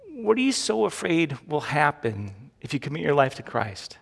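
Long hall reverb surrounds a middle-aged pastor whose creaky voice sits on the high side and is very animated at a moderate pace. He preaches chattily, leaning on repeated phrases and frequent "right?" tag questions.

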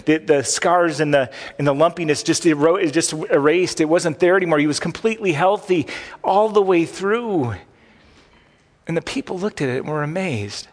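Man preaching in a reverberant hall. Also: on the high side. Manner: conversational preaching with restarts, acting out cries and prayers. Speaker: pastor. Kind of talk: sermon.

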